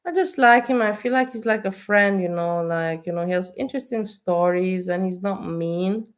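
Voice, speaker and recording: A woman's voice: lowish voice, normal speed. A woman with an American accent gives casual reaction commentary, talking freely and filling her sentences with "you know" and "like". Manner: chatty, warm-hearted, lots of "you know" and "like". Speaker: vlogger reacting to a video.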